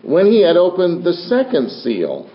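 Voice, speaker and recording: A man's voice: high voice, wildly swooping pitch, unhurried. An older man preaching a sermon from the pulpit with dramatic, swinging delivery and repeated phrases. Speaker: pastor. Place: church sanctuary. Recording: roomy dull church recording.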